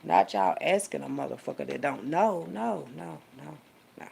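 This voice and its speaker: A woman's voice: sits low, sing-song, moderate pace, vocal fry, background noise. A woman talking casually and rambling to her viewers, reading aloud. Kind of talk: casual monologue.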